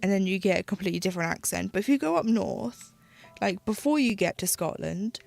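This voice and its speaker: Chatty British woman with a gravelly voice. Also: mid-range voice, animated, fairly quick, darkish tone, soft background music. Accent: British English. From United Kingdom. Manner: chatty, rambling, with frequent "like" and restarts. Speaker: streamer. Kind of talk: casual chat while stitching on a live stream.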